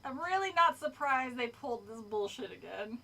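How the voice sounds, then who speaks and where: A woman's voice: on the high side, expressive, moderate pace, vocal fry, sharp tone. A woman streamer reading a book aloud and chatting casually with her viewers, laughing often and swearing freely. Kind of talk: casual read-along with chat.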